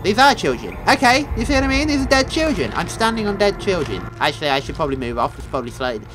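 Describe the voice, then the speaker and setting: Jumpy young man shouting at scares. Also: high-pitched, sing-song, quick pace, poor audio. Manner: jumpy, joking, yelps and swears at scares. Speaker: gaming video host. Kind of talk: horror game commentary. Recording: game music loud behind voice.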